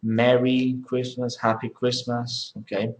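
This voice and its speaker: Slow-talking male English teacher, echoey room. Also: medium pitch, monotone. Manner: models pronunciation by repeating words, questioning students. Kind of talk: classroom teaching. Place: classroom. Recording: echoey classroom.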